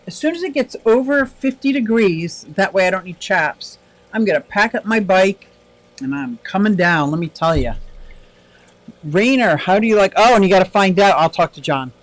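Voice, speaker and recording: High-pitched guy rambling on a stream, chatty and upbeat, reading chat out loud. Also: no echo, low-quality recording. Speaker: livestream host. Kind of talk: casual livestream chat reading comments.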